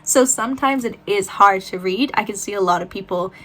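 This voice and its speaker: A woman's voice: mid-range voice, a little fast. Chatty young woman reviewing books. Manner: chatty, animated, rambling with fillers and self-corrections. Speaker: book vlogger. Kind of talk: casual book review chat.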